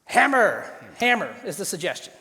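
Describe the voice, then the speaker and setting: A man's voice: sits high, sing-song, fast talker, bright, forceful tone. A man hosting a live improv comedy show, upbeat and announcing games to an audience. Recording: long hall reverb.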